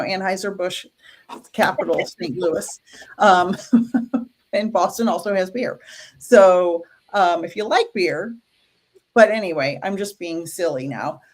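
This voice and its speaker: A woman co-host reads cards on a live stream in a chatty, playful way and jokes with the viewers. Her voice is middle-pitched and easy. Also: takes it slowly, long pauses. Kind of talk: live-stream card reading.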